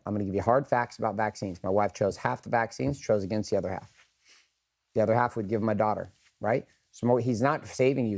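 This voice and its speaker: A man's voice: fairly low pitch, darkish tone. A middle-aged man leading a group session, talking to the room in a blunt, earnest way. He swears freely and polls the audience for a show of hands. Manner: asks the room questions and polls for raised hands. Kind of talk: candid motivational talk to a group.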